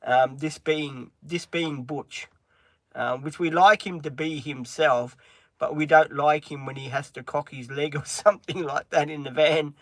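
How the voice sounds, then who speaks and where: A man's voice: on the high side, steady tone, measured pace, no echo. A middle-aged man chatting on a live stream from inside a van, rambling with lots of ums and breaking off to talk to his dog. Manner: rambling, with many filler ums. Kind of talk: casual live-stream chat.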